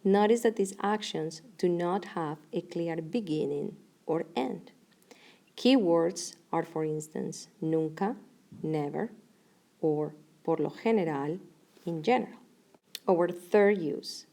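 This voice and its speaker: A woman teaching a recorded grammar lesson, explaining clearly and slowing down for each example. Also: fairly low pitch, dark tone. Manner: clear, measured explanation with slow deliberate examples. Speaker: Spanish teacher.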